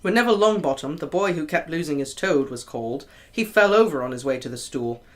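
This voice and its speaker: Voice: medium pitch, lively intonation, a little fast. An amateur reader works through a novel chapter aloud in an easy, unpolished way. Now and then a word slips and gets corrected on the spot. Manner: casual reading with stumbles and self-corrections.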